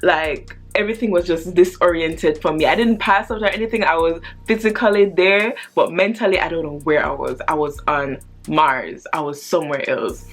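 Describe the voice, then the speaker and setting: A woman in her twenties telling a personal story on her casual vlog, animated and chatty, with slang and swearing. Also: sits low, moderate pace, few pauses, faint music behind. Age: 20s.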